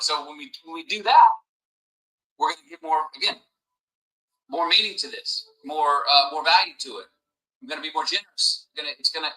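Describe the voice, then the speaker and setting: Man, motivational speaker, emphatic preachy delivery, tense sharp voice, lively rising and falling pitch. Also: low-quality recording. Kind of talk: motivational talk. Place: at a table with a camera crew.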